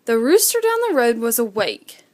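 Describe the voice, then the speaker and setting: Expressive woman reading a children's story. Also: fairly high pitch, moderate pace. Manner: expressive, with acted sound effects.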